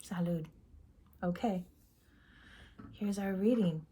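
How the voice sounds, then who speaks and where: A woman giving a gentle, meandering tarot reading in a soft-spoken voice that drifts into half-whispers. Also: fairly low pitch, takes it slowly, slight background noise. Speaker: tarot reader.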